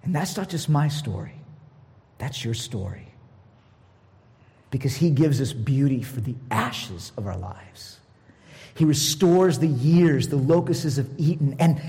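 A middle-aged man preaching a personal sermon as a pastor, expressive and laughing, moving between loud bursts and hushed asides. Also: medium pitch, a little slow, long pauses. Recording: long hall reverb.

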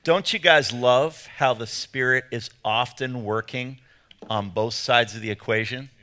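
A man's voice: mid-range voice, normal speed, pushed and bright, slight background noise. A man with an English accent, preaching an enthusiastic sermon with playful asides. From England. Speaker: pastor.

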